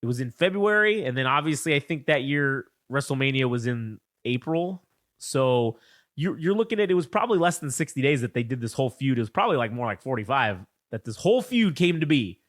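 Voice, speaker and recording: A man co-hosting a wrestling podcast, retelling a feud in excited, profane, rambling chat on a close mic. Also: mid-range voice, brisk, no echo. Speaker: podcast co-host. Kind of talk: casual chat, wrestling recap.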